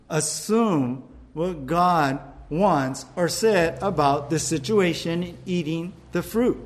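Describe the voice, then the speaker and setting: Preacher, male, slightly high-pitched, chatty sermon delivery with playful asides. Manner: conversational preaching, acts out quoted voices; repeats words, frequent "right?" asides. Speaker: pastor.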